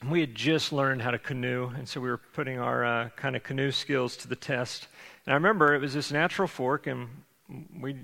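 A middle-aged pastor preaches in a relaxed, conversational way, slipping in self-deprecating jokes. His voice has a gravelly edge, sitting in the middle of the male range. The sound carries a long reverb from a large church hall. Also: medium pitch. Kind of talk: sermon.

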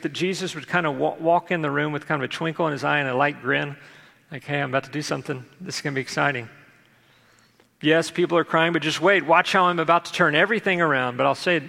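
A man's voice: a little high, creaky, bright, forceful tone. A man preaching a sermon, reading scripture aloud and then explaining it in a conversational way to a congregation. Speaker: pastor. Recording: long hall reverb.

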